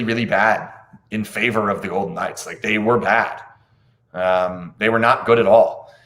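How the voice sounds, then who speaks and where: A man's voice: fairly low pitch, fairly bright tone. Guy doing a casual hockey recap, blunt, kinda incredulous, swears a bit. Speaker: hockey podcast host. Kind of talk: casual post-game analysis.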